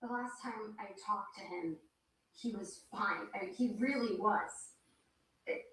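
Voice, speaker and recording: An actress playing a shaken woman in a horror film, speaking softly and haltingly. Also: medium pitch, close to an everyday voice. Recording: film audio from far off, echoey with faint noise.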